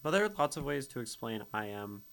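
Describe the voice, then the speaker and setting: A man's voice: mid-range voice, sing-song, fairly quick, vocal fry, a bit bright, smooth. A man streaming as host, casually critiquing a poem and humming out its rhythms, often laughing. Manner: explains rhythm by vocalizing beats, laughs often. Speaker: streamer reading and critiquing poetry. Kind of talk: casual chat.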